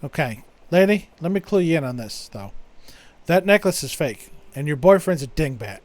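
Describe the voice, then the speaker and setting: A man voicing a brash, blunt gangster who scolds in a gruff, mocking way while reading game dialogue. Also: fairly high pitch, big pitch swings, moderate pace. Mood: scolding.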